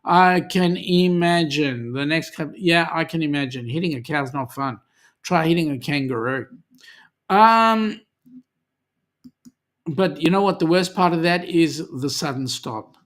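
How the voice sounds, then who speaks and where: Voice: medium pitch, normal speed. An Australian host chatting casually on a live cruising stream, reading viewer comments aloud with plenty of ums and friendly banter.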